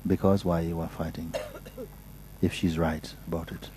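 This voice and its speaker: A man speaking as a spiritual teacher, patiently and softly giving advice at a gathering, often restarting his sentences. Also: deep voice, flat delivery, normal speed, slight background noise, rough recording. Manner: patient, soft-spoken, with frequent restarts. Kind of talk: gentle advice in a question session.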